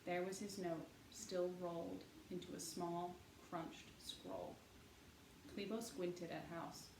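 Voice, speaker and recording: A woman narrating an audiobook in an expressive storytelling manner. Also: on the low side, takes it slowly. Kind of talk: audiobook reading. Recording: echoey room, faint hiss.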